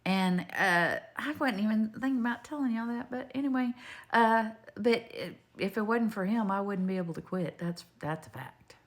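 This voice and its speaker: A woman's voice: fairly high pitch, normal speed. Older woman, chatty faith talk. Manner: chatty, digressive, homespun, talks straight to the viewer. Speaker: faith video maker. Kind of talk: rambling faith testimony to camera.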